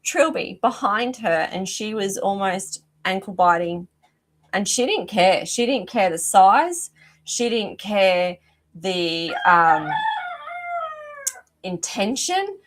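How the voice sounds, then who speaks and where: A woman's voice: medium pitch, big pitch swings, slow, a little hiss or hum. A middle-aged woman, hosting a live psychic reading as an animal communicator, chatting effusively and often breaking off mid-sentence. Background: rooster crowing outside.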